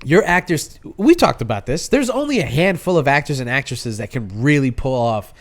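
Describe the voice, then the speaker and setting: An American man co-hosting a podcast, chatting casually about a movie, animated and profane, with many restarts. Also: medium pitch, fairly quick. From United States. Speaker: podcast co-host. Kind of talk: casual movie review chat.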